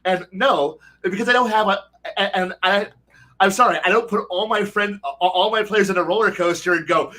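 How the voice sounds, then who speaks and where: High, bright-voiced man ranting casually. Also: normal speed. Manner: rambling, profane, restarts a lot. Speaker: podcast panelist, dungeon master. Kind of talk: casual chat. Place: podcast recording.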